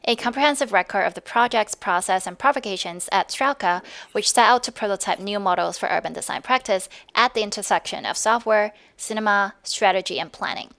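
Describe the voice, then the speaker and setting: A woman's voice: medium pitch, a little fast, hardly any pauses, a bit bright. A woman moderating an online roundtable over a video call, laughing often and reading a panelist's introduction.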